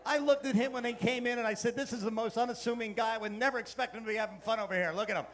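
A man's voice: very high voice, steady tone, rapid-fire, fairly bright tone, slight background noise. A man giving a keynote talk to a live audience, playfully coaxing them to join in. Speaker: keynote speaker. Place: conference hall with a live audience.

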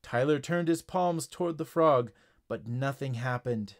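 A man reading a children's story aloud as narrator, clear and even. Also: medium pitch, a little slow.

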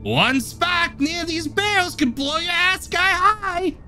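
A man voicing a threatening male quarry boss in a strained, gruff, exaggerated reading voice. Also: very high-pitched, animated, slow pace, pushed and bright, soft background music, voice pushed up, exaggerated voice.

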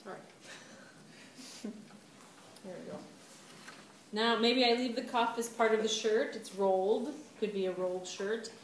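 An art teacher with a voice on the high side walks a class through a clay demonstration in a chatty, unhurried way, leaving long pauses and often laughing at her own slips. She is recorded from well away by a camera mic, with room echo and steady background noise.

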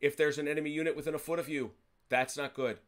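Slightly high-voiced man explaining game rules. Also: steady tone, fast talker. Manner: chatty, self-correcting, wry jokes. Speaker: wargame host explaining rules. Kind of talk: casual rules explanation to players.

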